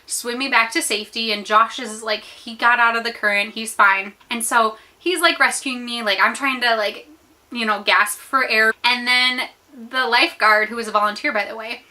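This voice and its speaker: A young American woman telling a story to her viewers in a chatty, animated way with many fillers while she eats. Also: on the high side, normal speed. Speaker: vlogger. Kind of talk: storytime chat while eating.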